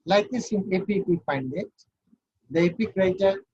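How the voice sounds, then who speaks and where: A man's voice: high voice, moderate pace, darkish tone, slightly rough, lo-fi sound. A man giving an online university class, explaining step by step and counting things out. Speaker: university lecturer.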